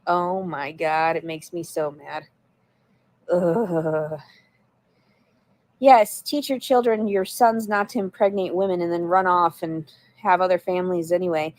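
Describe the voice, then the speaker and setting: A woman's voice: fairly low pitch, a little slow, darkish tone, dry recording. A woman chatting on a livestream, answering viewers in a blunt, profane, rambling way. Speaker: livestreamer reading chat. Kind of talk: casual livestream chat.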